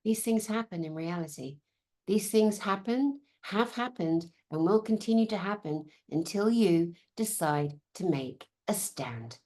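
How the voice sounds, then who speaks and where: A woman's voice: fairly low pitch, unhurried. A woman from Britain with a British accent, giving a conference talk. She is blunt, sarcastic and swears freely, and she mocks officials in put-on voices. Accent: British English. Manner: animated, sarcastic, mimics officials in mocking voices. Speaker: conference speaker.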